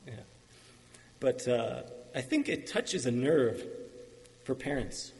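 A male pastor preaching a sermon in an earnest, halting way, with restarts and fillers. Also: mid-range voice, animated, a little mellow. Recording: long hall reverb.

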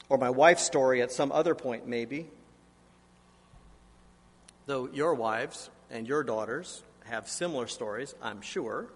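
A man's voice: medium pitch, in a large hall. A man in his forties, a pastor preaching a sermon in a church, telling stories in a self-deprecating way. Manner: anecdotal, self-deprecating storytelling. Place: church sanctuary.

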